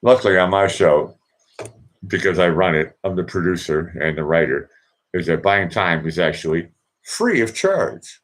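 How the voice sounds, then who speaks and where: A man's voice: deep voice, expressive, normal speed. A man from Boston with a Boston accent, hosting his own livestream show in a casual, joking, rambling way full of fillers. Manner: chatty, joking, meandering with many fillers. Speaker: livestream host. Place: indoors in Vienna.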